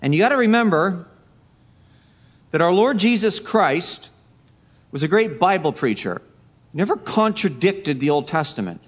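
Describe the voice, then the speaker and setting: A man preaching a Sunday sermon, emphatic, repeating key phrases and dropping to a hush for effect. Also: high voice, very animated, normal speed, long pauses. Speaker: pastor.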